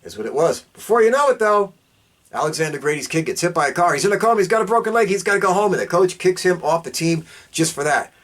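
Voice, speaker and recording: A man with a fairly high voice hosts a podcast and recaps a film's plot in a fast, loose, excitable ramble. He slurs through fillers and keeps the story moving in a casual style. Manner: excitable, rambling, jumps up and down in pitch. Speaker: podcast host reviewing a film.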